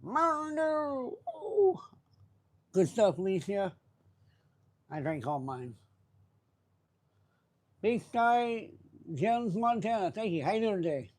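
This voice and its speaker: A man hosting a live stream in casual chat, greeting viewers by name in a relaxed, chatty way. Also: sits high, slow pace, long pauses. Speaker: livestream host.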